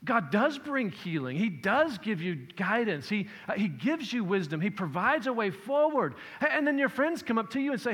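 A man's voice: sits high, expressive, moderate pace, few pauses, a bit bright, breathy edge. A man preaching a sermon as pastor, shifting his emphasis and acting out quotes as he explains a passage. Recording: long hall reverb.

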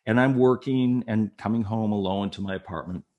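Animated man swinging soft to loud. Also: lowish voice, normal speed, narrow, tinny audio. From Minnesota. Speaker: guest telling a personal story. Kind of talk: emotional personal storytelling.

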